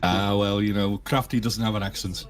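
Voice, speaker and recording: A man's voice: on the low side, steady tone, normal speed, a little hiss or hum. A middle-aged man with a Liverpool accent, joking around as a caller on a live stream. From Liverpool, England. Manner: joking, mock-stern banter. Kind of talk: casual chat. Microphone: voice chat call.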